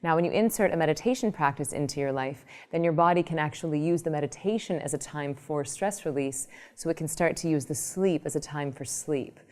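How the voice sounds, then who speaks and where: A woman meditation teacher explaining her ideas in an interview, telling lively everyday examples. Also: deep voice, brisk, few pauses. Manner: animated storytelling, explanatory. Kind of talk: interview answer with acted examples.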